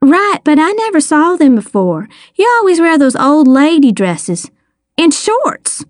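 A woman voicing a brash, blurting preteen girl with a cheeky, loud manner. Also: sits high, very animated, moderate pace, dry recording, clean studio sound, voice pushed up. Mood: indignant. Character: brash, blunt preteen girl, sixth grader.

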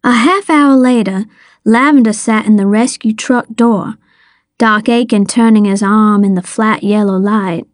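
A woman's voice: medium pitch, unhurried, no room sound, clean studio sound. A woman narrating a first-person story in a vivid audiobook reading.

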